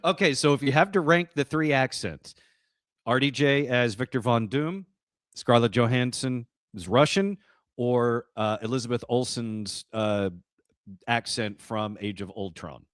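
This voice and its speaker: A man hosting a podcast in casual chat, chatty and quick to laugh. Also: medium pitch, no room sound, clean studio sound. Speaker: podcast host.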